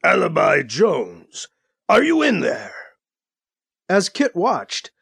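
Male narrator, expressive storybook read, high and animated. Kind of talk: scripted narration.

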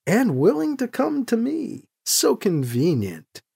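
A calm, scheming heretic who praises chaos in slow, stiff, formal phrases, put on by an audiobook reader. The voice is husky and the pitch swings widely. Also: heavily acted. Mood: sly, formal. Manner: stiff formal speech without contractions, unhurried.

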